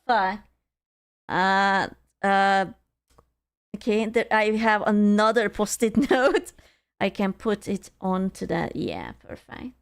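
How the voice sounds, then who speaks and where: A woman's voice: mid-range voice, expressive, takes it slowly, smooth. A woman streamer chatting casually with her viewers, dramatic and self-deprecating, swearing freely.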